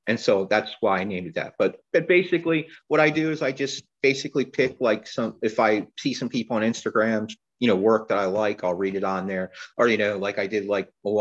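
A man talking as a guest poet in a casual interview, rambling and halting with lots of fillers and restarts. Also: lowish voice, steady tone, highs cut off.

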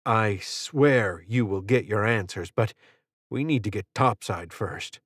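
A gruff, wounded soldier, voiced by a male narrator, terse and wry even when breathless. His voice sits low and close in a dry, audiobook read. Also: slow, no echo.

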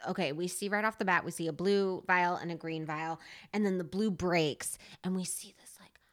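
In her thirties, this podcast co-host has a lowish voice and talks at a moderate pace. She's animated in casual chat, laughing often, gesturing with her whole body, and acting out her stories.

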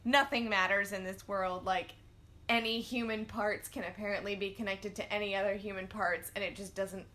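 A woman with a bright, crisp-edged voice at a middle pitch, chatting casually. She tells the story with dry humor and tosses in quick wry remarks. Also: fairly even intonation. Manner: wry, joking asides. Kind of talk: casual chat.

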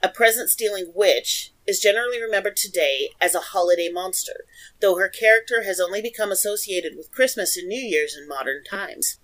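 A woman's voice: medium pitch, animated, brisk, fairly bright tone, rough recording. A woman co-hosting a casual podcast, reading notes aloud, laughing often and stumbling over foreign names. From Oregon, USA. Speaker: podcast co-host.

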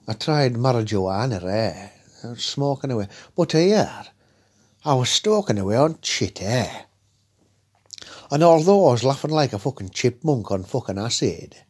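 A man's voice: mid-range voice, darkish tone, breathy edge. A man telling a crude, rambling comic story, ending his lines with "eh?". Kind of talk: comic monologue.

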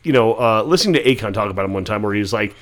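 A man's voice: lowish voice, expressive, rapid-fire. A man talking casually on a podcast, rambling with lots of fillers, restarts and swearing. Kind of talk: casual podcast chat about rap albums.

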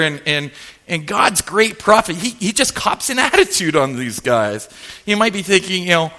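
High, bright-voiced joking pastor. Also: male voice, normal speed. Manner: joking, animated storytelling. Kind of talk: sermon.

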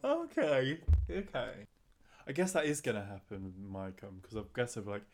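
A man's voice: medium pitch, animated, moderate pace. Giggly rambling man. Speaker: podcast co-host. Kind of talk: casual chat.

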